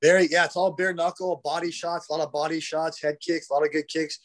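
A retired fighter appears as a guest on a podcast, telling stories casually in a rambling, profane way packed with "bro" and "dude." His fairly high, slightly bright voice stays level in tone, and he talks fast.

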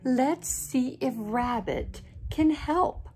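A woman's voice: high-pitched, animated, extremely slow, warm tone, a little hiss or hum, heavily acted. A woman voicing a kind, sorry raccoon. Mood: earnest.

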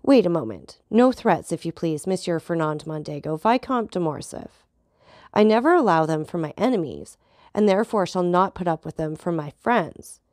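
A woman's voice: fairly low pitch, animated, a little mellow, no room sound, studio quality, close to an everyday voice. A woman reading as a cool, ironic journalist. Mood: calm. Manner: deliberate, measured replies. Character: cool, ironic male journalist, calm and measured.

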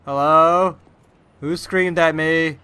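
A young man talks through his gameplay with a bright, forceful voice pitched a little high. His commentary rambles, full of "like" and sudden startled outbursts. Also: steady tone, slow, clean tone. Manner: rambling, says "like" constantly, jumpy startled outbursts. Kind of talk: casual let's-play commentary.

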